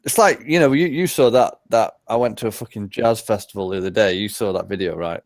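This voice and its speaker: A man's voice: lowish voice, brisk, dry recording. Hesitant man, dry close sound. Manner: hesitant, many fillers and restarts. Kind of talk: casual chat.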